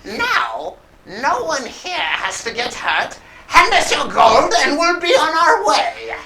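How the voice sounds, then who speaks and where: A game master voicing a boastful, panicky male kobold bandit leader in a tabletop game, shouting his lines. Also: high-pitched, huge pitch swings, slow, reverberant, background noise, voice pushed up, exaggerated voice. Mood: blustering.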